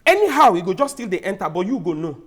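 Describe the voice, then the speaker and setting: A man with a Nigerian accent arguing in a lively TV debate, loud and emphatic, with laughing asides. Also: sits high, fast talker, background noise. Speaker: debate guest. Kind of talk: animated debate in Nigerian Pidgin.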